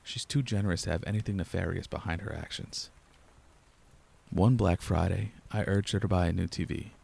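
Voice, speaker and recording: A young man reading a first-person horror story aloud in a low-key, steady storyteller's way. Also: fairly quick, gravelly, husky. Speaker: narrator. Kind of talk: scripted horror narration.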